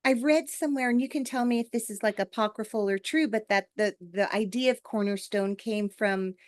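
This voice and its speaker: A woman's voice: medium pitch, a little fast, no echo. A woman hosting a podcast interview, effusive and enthusiastic, with many fillers. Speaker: podcast host.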